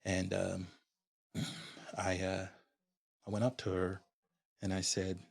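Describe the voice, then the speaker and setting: As a podcast guest, a man from Honduras shares his personal story in a low, husky, slightly breathy voice. He is candid and reflective and often begins a thought again mid-sentence, but his delivery is completely flat and slow, with long pauses.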